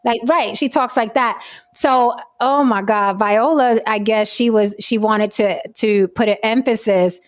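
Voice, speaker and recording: Woman, host, casual chat, blunt, opinionated, swears, slightly high pitch. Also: unhurried. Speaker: podcast host.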